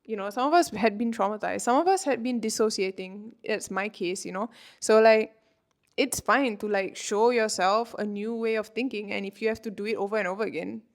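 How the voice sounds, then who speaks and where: A woman's voice: medium pitch, brisk. A woman in her twenties, a manifestation coach talking casually to camera, chatty and filling her talk with "like" and "you know", laughing often. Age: 20s.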